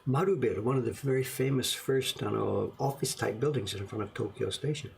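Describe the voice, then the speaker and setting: Gravelly-voiced man musing over old prints. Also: medium pitch, fairly quick, slight background noise. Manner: rambling, musing aloud, self-deprecating. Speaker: print collector showing his collection. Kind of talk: casual show-and-tell to camera.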